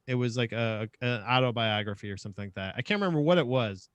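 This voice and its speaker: A man's voice: medium pitch, fast talker, fairly bright tone, dry recording, lo-fi sound. A man co-hosting a podcast, trading crude, self-mocking banter in a casual chat. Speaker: podcast co-host.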